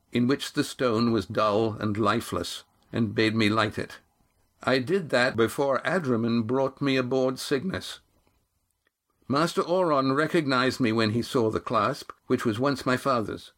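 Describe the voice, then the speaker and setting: A man's voice: medium pitch, fairly bright tone, voice pushed up. A man voicing a young seafaring grandson who speaks earnestly and declaims a proclamation.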